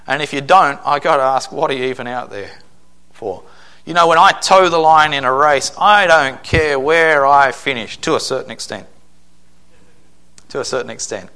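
Emphatic, bright-voiced preacher man. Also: a little high, moderate pace, smooth. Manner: emphatic preaching with acted-out quotes. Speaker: pastor. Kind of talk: sermon.

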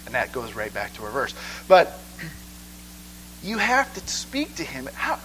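A man preaching a sermon in church, conversational and animated, asking "okay?" again and again. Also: sits high, unhurried, vocal fry, slight background noise, rough recording.

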